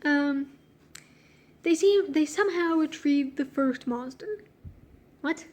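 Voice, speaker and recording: Her high-pitched, slightly mellow voice moves at a slow pace as she reads her childhood story aloud. She's giggly and slangy, easily sidetracked, and breaks off mid-sentence to mock her own writing.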